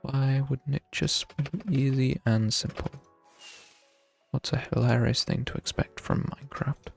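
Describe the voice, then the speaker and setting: A young man talks his way through a game stream, counting out loud and laughing at his own bad luck. His voice sits at an ordinary pitch with a gravelly edge. Quiet music plays behind him. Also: steady tone, unhurried. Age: young adult. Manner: chatty, thinks aloud while playing, wry self-mockery. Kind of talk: casual live gameplay commentary.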